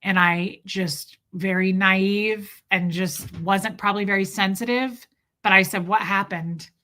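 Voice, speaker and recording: A woman's voice: medium pitch, fairly even intonation, sharp tone. Woman telling a heartfelt family story. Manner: emotional, halting, with restarts. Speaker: vlogger. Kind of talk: personal storytelling.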